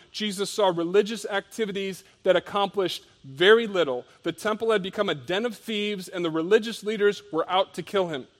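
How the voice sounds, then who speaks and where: Emphatic male pastor preaching a sermon. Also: high-pitched. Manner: reads scripture aloud, then explains with emphatic rises and soft drops.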